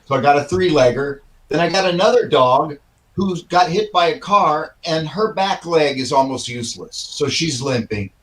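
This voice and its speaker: Rich: A man with a somewhat high voice tells a quick, joking story on a casual panel. He sounds excitable, and he speaks over a home video call. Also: rough recording. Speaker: guest guitarist.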